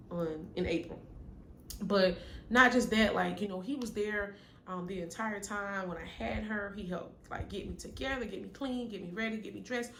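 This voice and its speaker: A young woman vlogger telling viewers a personal story in a candid, chatty way, calling them y'all and growing quiet at the sad parts. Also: medium pitch. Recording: echoey room with faint noise.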